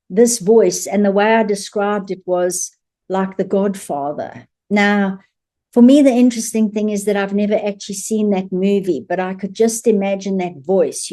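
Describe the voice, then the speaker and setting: A woman speaking to camera in a mellow, warm voice at a middle pitch. She is an animal communicator, and she tells her story in a chatty, amused way, often breaking into laughter.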